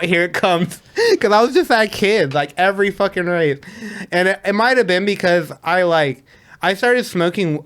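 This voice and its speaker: A man's voice: high voice, a bit bright, clear, resonant tone. A young man, a guest on a podcast, chatting casually in a laid-back way with lots of fillers and laughs. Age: young adult. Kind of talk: casual chat.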